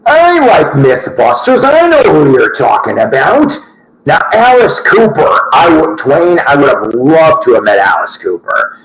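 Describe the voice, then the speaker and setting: A man's voice: fairly high pitch, huge pitch swings, unhurried, a bit bright. A man hosting a record-collecting show, chatting loosely to viewers, swearing and laughing at his own asides. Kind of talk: casual rambling chat to viewers. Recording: echoey room.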